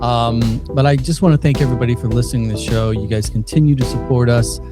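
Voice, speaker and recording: A man opens his podcast in a relaxed, rambling way, filling gaps with "uh" and "you know". His voice sits at a middle pitch. Music plays clearly under him. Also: fast. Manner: chatty, loose, with many fillers. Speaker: podcast host. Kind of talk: casual podcast intro. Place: indoors, recorded in Saint Louis.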